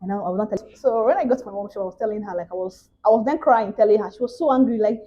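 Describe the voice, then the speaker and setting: A woman's voice: medium pitch, rapid-fire, hardly any pauses, dark tone, breathy edge, low-quality recording. A young Nigerian woman with a Nigerian accent, telling a story in a casual vlog and acting out the other people's voices. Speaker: vlogger.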